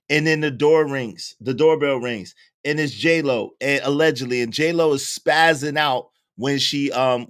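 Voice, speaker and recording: A man hosting casual commentary, recapping a book and acting out the people in it with lively storytelling. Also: fairly high pitch. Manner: animated storytelling, acting out quoted voices. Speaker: host.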